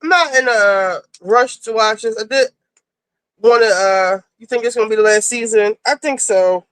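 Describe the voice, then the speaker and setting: A woman hosting a livestream, recapping reality TV in casual, blunt and profane chat, rushing through the story. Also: a little high, no echo, poor audio. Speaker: livestream host.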